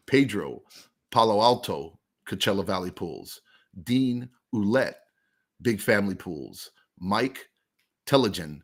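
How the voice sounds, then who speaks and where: A man's voice: on the low side, fairly bright tone, husky. A man co-hosting a podcast, bantering casually and reading out a list of nominees, joking a lot and calling people bro. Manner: joking, says bro and dude. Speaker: podcast co-host.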